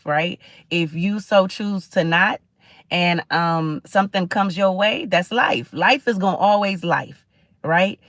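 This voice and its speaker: This voice is mid-range and a bit bright, speaking slowly with no room sound. It belongs to a livestream host of Caribbean birth who delivers a preachy, chatty motivational talk, frequently addressing listeners and responding to comments from viewers.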